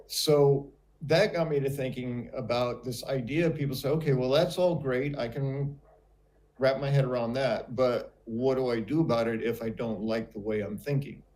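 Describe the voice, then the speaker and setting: A man's voice: mid-range voice, darkish tone. Older man, reflective storyteller. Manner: reflective storyteller, hesitant with fillers. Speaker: host. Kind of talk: casual conversation.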